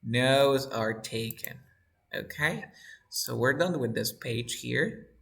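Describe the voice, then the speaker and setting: A man's voice: medium pitch, takes it slowly, vocal fry, a bit bright. A man teaching an online English class, patiently drilling students and repeating words to show their stress.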